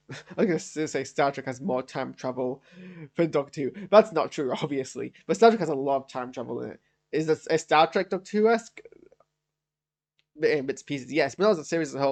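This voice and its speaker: A man's voice: fairly high pitch, animated, normal speed, pauses often. Rambling exasperated young man reviewing a show. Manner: exasperated, rambling, self-interrupting. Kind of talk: live post-watch reaction.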